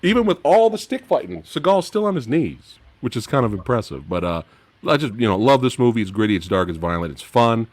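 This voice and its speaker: A man hosting a casual movie-review chat, animated and laughing often, his voice dropping low at the end of phrases. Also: brisk, no echo. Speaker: podcast host.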